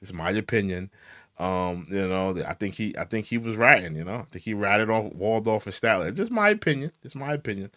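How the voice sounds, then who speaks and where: A man hosting a commentary show, giving opinions in a mocking, animated way and repeating lines for emphasis. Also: sits low, moderate pace, no echo, clean studio sound. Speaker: host.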